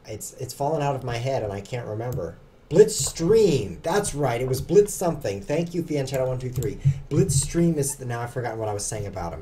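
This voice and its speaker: A man's voice: mid-range voice, mellow, slight background noise. A young man streaming online chess, chatting casually and joking at his own expense while he plays. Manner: chatty, self-mocking, jokes with chat. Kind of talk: casual live commentary while playing.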